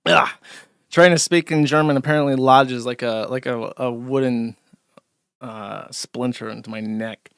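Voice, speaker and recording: A man's voice: mid-range voice, fairly even intonation, measured pace, a bit bright, clear, resonant tone, dry recording, clean studio sound. A man hosting a live stream, talking in a sardonic, rambling way full of restarts. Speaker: streamer host. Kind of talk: casual live-stream commentary.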